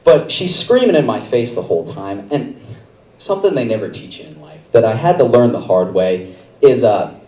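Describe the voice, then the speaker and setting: A man's voice: mid-range voice, big pitch swings, moderate pace, mellow, far from the mic. A young man doing stand-up on a comedy theater stage, rambling casually through a story with lots of fillers. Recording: roomy theater sound from afar.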